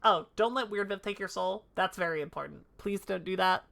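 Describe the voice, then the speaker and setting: A woman livestreaming a game, chatting casually and excitably with her viewers. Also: medium pitch, fairly quick, creaky. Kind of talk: casual live-stream chat while gaming.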